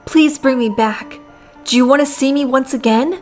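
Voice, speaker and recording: A woman's voice: high voice, normal speed, soft background music, pitched above the performer's own voice, natural voice. A woman reading as an eerie dead boy in a computer. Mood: pleading.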